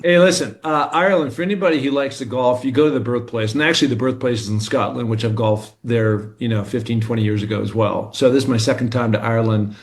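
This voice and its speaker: A man's voice: mid-range voice, fairly even intonation, quick pace, hardly any pauses, darkish tone. A man from Seattle, a former football player, chatting as a radio guest in a rambling, storytelling way. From Seattle, Washington. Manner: rambling storyteller, many restarts and asides. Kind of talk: casual radio chat.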